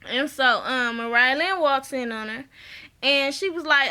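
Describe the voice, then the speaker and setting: A woman with a high, bright voice talks through a reality-show episode in a loose, slangy recap. She is blunt and opinionated and keeps breaking into laughter as she goes. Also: unhurried, clear, resonant tone. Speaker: TV show reviewer. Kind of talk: casual recap vlog.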